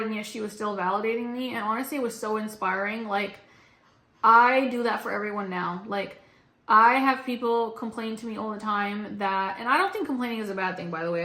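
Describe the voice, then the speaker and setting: A woman's voice: mid-range voice, pushed and bright. A young woman vlogging, venting casually and frankly, rambling with lots of "like". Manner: rambling, frank, heavy use of "like". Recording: roomy echo.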